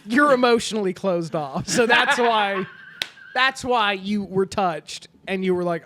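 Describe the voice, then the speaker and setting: A man's voice: high voice, measured pace, a little hiss or hum. A young man co-hosting a podcast, bantering casually with friends and acting out stories with laughter. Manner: animated, laughing, acts out stories. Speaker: podcast co-host.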